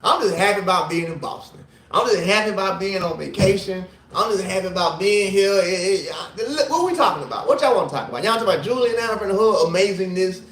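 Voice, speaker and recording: Tipsy male livestream host, very high voice, rambling and profane, echoey hotel room. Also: fast talker, few pauses. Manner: animated, rambling, profane venting. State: tipsy from drinking. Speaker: livestream host and former sprinter. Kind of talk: casual livestream rant.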